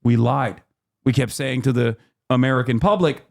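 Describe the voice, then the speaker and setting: A man's voice: mid-range voice, moderate pace, gravelly. A man in his thirties hosting a livestream, explaining at length in a heated, profane way, full of fillers and restarts. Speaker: streamer host.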